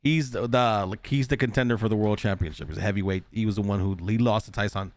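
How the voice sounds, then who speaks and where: A man's voice: fairly low pitch, fast talker, dry recording. A man hosting a casual podcast who rambles, swears freely and laughs often. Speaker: podcast host.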